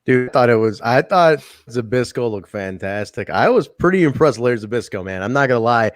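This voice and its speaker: A man co-hosting a casual wrestling review podcast, rambling and animated, swearing and laughing easily. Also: mid-range voice, fairly quick, no room sound. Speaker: podcast co-host.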